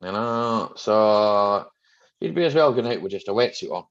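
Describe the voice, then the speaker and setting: A middle-aged mechanic hosts a rambling, joking livestream chat, greeting viewers by name. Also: male voice, fairly low pitch, lively intonation, moderate pace. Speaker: mechanic hosting a live chat stream. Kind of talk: casual livestream chat reading viewer comments. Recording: dull lo-fi stream audio.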